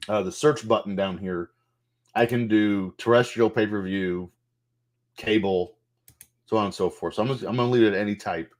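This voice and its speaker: A man casually walking through a wrestling management game's menus, loose and a bit profane, thinking aloud as he goes. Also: lowish voice. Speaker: gameplay streamer. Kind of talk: casual game walkthrough commentary.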